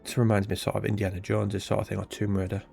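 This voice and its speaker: A rambling, self-deprecating British man in his thirties talks casually over his gameplay, his voice sitting a little low. He drifts from the game into everyday stories in a loose, chatty flow. Faint game music runs underneath. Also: completely flat delivery, rapid-fire, creaky, a little mellow. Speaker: gaming channel host.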